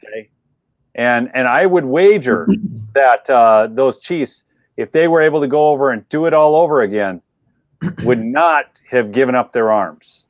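An emphatic man hosts a casual podcast, often pausing on fillers. His voice sits at a middle pitch. The sound is dry and dull. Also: animated, dry recording. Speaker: podcast host. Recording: dry lo-fi audio.

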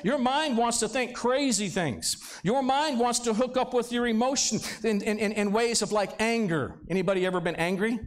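A man's voice: extremely high pitch, normal speed, hardly any pauses. A male pastor preaching a sermon in a church service, talking conversationally and throwing rhetorical questions at the congregation. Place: church sanctuary, live service.

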